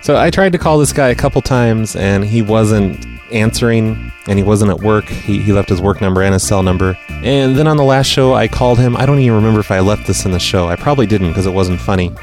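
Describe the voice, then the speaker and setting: A man's voice: fairly low pitch, fairly quick, hardly any pauses, darkish tone. A man hosting a prank-call podcast, talking casually with a blunt, sarcastic edge. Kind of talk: casual chat. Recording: faint music behind.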